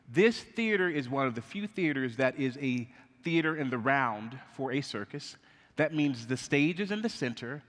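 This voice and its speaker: A man telling a story at a conference, acting out the voices and putting questions to the audience. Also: mid-range voice. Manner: animated, acts out voices in anecdotes. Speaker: conference speaker. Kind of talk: storytelling keynote talk. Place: conference hall. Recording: reverberant conference hall.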